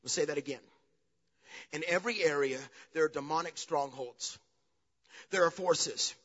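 A man preaching a sermon as pastor, swinging between loud, animated passages and low, quiet asides. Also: normal speed. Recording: dull, long reverb of a large hall.

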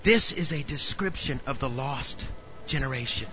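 A male pastor preaching a sermon in an animated way, often questioning the congregation. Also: medium pitch, moderate pace, highs cut off, background noise.

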